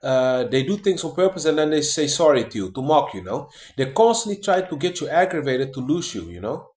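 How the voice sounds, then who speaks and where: A man's voice: on the high side, big pitch swings, fairly quick, a little mellow, roomy sound. A man talking casually to his viewers in a rambling way, full of fillers, restarts and "man" and "guys". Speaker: vlogger. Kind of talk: casual monologue to camera.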